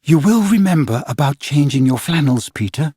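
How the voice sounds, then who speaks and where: A man voicing a motherly young girl who coaxes and fusses gently, in a storybook reading. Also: fairly high pitch, very animated, moderate pace, breathy edge, dry recording, studio quality, exaggerated voice. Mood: fussing. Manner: gentle, coaxing, earnest.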